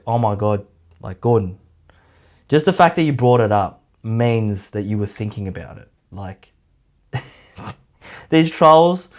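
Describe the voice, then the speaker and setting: A man giving a casual, rambling commentary, full of "like" and mocking asides. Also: medium pitch. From Australia. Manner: rambling, heavy use of "like", mocking. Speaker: YouTube commentator.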